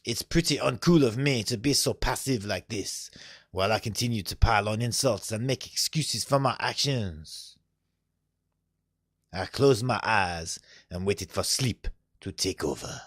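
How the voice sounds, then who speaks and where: A man reading a visual novel aloud on stream, animated and often laughing. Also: on the low side, unhurried, slightly rough, dry recording, studio quality.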